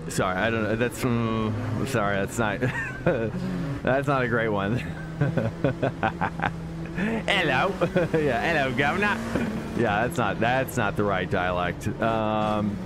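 A man's voice: on the low side, slow, very noisy. Chatty man streaming sim racing. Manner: chatty, thinks aloud, talks to chat. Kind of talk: casual live-stream chatter.

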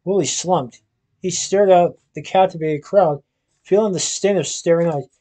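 A man reading a storybook aloud, with steady narration and the odd stumble. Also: high-pitched, moderate pace. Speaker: reader.

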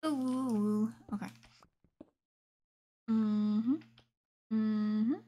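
A woman's voice: mid-range voice, steady tone, very slow, warm tone. A young woman streaming a game live, chatting to herself and often dropping into a whisper. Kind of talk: live gameplay commentary.

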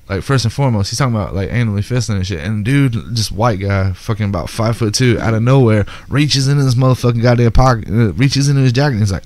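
A man co-hosting a podcast, a stand-up comic, talks fast in a medium-pitched voice with few pauses on a dry recording. In crude comedic chat he tells comedy club stories full of profanity, animatedly acting out the voices of the people in them.

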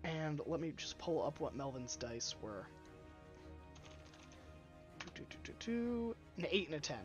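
A man's voice: fairly high pitch, sing-song, a little slow, long pauses, faint music behind. A man playing a tabletop game, thinking aloud and changing his mind mid-sentence. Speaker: player. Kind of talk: playing a tabletop game over a live stream. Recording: dull lo-fi mic.

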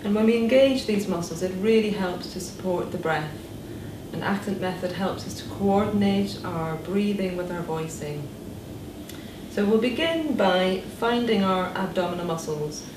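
British female therapist leading breathing exercises, calm and steady, recorded far off in an echoey room. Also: medium pitch, normal speed. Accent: British English. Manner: calm, step-by-step instructions. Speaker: speech and language therapist. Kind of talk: guided breathing exercise instruction. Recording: echoey room, voice from a distance, noise behind.

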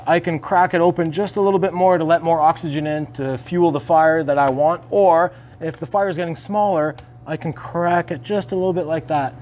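Male barbecue host, slightly high voice, confident coaching tone, recorded outdoors on location. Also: a little mellow, slight background noise. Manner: confident, coaching, speaks straight to viewers. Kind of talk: hands-on cooking tutorial. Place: outdoors beside an offset smoker.

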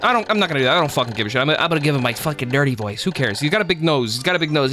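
A man's voice: a little high, lively intonation, racing, hardly any pauses, sharp tone, faint music behind. A man streaming live gameplay, chatting casually in a rambling, profane, jokey way and thanking viewers.

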